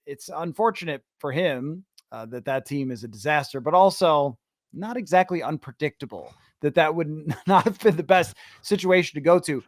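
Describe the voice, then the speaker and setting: A man hosting a sports podcast, ranting in animated, sarcastic casual chat. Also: fairly high pitch, normal speed, no room sound, clean studio sound. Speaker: podcast host.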